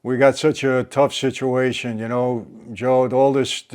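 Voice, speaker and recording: An older man hosting a casual interview, talking haltingly with many fillers and restarts. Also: medium pitch, level tone, a little mellow. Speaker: host.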